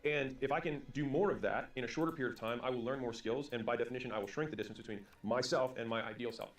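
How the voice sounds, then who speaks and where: Fast-talking man, roomy distant sound. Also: medium pitch. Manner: rapid storytelling with quick acted-out dialogue. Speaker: business and sales speaker. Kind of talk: motivational storytelling talk. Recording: roomy sound from away from the mic.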